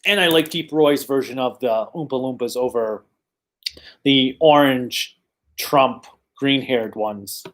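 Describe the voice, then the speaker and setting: A man's voice: medium pitch, slow pace, a bit bright. A man hosting a casual livestream Q&A, reading viewer questions and answering in a chatty, rambling way with frequent ums and self-corrections.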